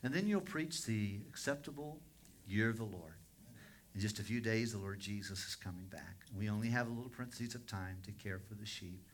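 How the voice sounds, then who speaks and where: A man's voice: fairly low pitch, fairly quick, a little hiss or hum. A man preaching a sermon as a pastor, in a conversational storytelling manner that circles back on itself. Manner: conversational storytelling, with frequent restarts.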